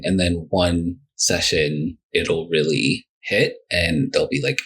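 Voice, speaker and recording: A man with a deep, slightly husky voice chats as a podcast guest about his therapy work. He talks in an animated, loose way, full of fillers and quick acted-out client quotes. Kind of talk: casual podcast conversation.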